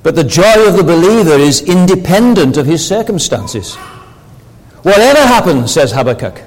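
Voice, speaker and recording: A preacher delivering a sermon, earnest and building to emphatic rhetorical questions. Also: male voice, fairly high pitch, sing-song, moderate pace, a little mellow, in a large hall, poor audio. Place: church.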